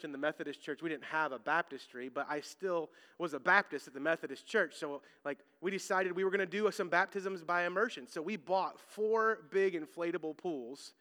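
A man in his thirties, a pastor preaching a sermon, telling stories with loud emphasis and hushed asides. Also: fairly high pitch, in a large hall.

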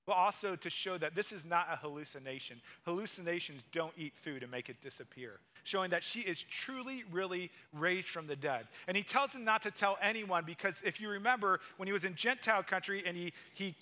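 A young man delivers a sermon in an easygoing, conversational manner, voicing the quoted lines as he goes. His voice sits high for a man and has a bright, forward ring. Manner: conversational preaching with acted-out quotes. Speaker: pastor.

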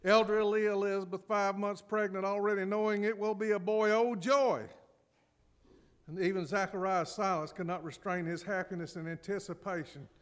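A man preaching a sermon as pastor, animated and acting out scripture scenes with laughs. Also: sits high, moderate pace, big-room sound.

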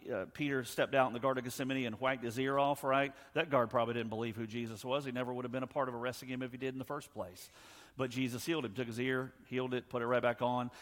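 Male pastor preaching with emphasis, loud then hushed, plain middle pitch, recorded in a long-echo hall. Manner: emphatic, swings from loud to hushed, acts out scripture dialogue. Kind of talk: sermon.

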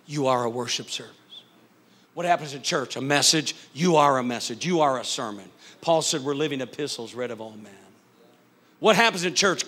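A middle-aged pastor preaching a sermon in a church, building to loud shouted peaks. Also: male voice, mid-range voice. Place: church sanctuary.

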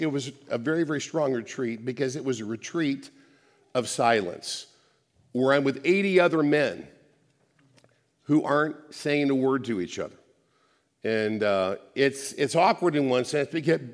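A man preaching a conversational sermon, often restarting words and dropping soft for emphasis. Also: medium pitch, in a large hall.

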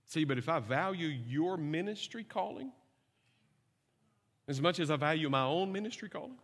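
A man's voice: on the high side, lively intonation, moderate pace, a bit bright, long reverb tail. A middle-aged man preaching a sermon, telling funny stories and checking in with the congregation. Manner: humorous storytelling with asides to the congregation. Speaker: pastor.

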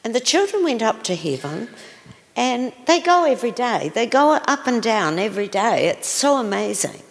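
A woman's voice: on the high side, big pitch swings, moderate pace. A woman preacher telling stories in a sermon, full of exclamations and questions to her listeners. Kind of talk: sermon storytelling. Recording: long reverb of a large hall.

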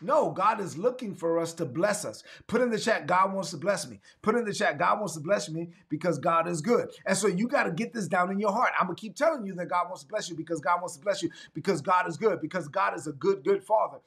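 Gravelly high-voiced preacher from Brooklyn. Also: male voice, a little fast, few pauses, a bit bright. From Brooklyn, New York. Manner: emphatic preaching, repeats refrains, urges viewers to type in the chat. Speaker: pastor. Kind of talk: livestreamed sermon.

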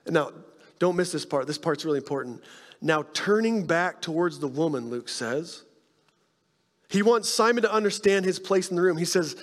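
A male pastor preaching a sermon, telling stories with animated energy and dropping to hushed tones to make his point. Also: on the high side, moderate pace, long reverb tail. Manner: animated storytelling, drops to soft hushed tones for emphasis.

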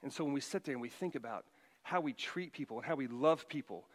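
A middle-aged man preaching a sermon as pastor, emphatic, his voice rising loud for quoted commands. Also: medium pitch, fast, long reverb tail.

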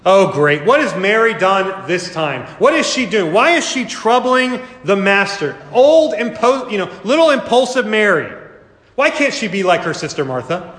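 A man's voice: sits high, sing-song, moderate pace, fairly bright tone, pitched above the performer's own voice. A man voicing an indignant male dinner guest who huffs in exasperation at an improper act, in a raised voice. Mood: scandalized. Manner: huffy, exasperated muttering. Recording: echoey hall.

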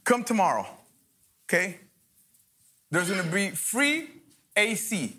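A man's voice: high voice, sing-song, slow pace, sharp tone, husky. A man, a guest pastor, mixing joking asides with fervent preaching in a church sermon.

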